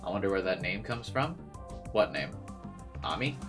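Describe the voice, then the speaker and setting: A man's voice: deep voice, very animated, moderate pace, over music. A man hosting a let's play, reading a visual novel's narration aloud and breaking in with dry joking asides.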